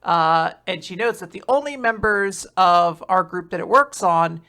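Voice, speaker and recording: Joking woman with a gravelly edge. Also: lowish voice, pushed and bright. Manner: jokey, laughs often, quick asides. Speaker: co-host of a manga recap podcast. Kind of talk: casual podcast chat and chapter recap.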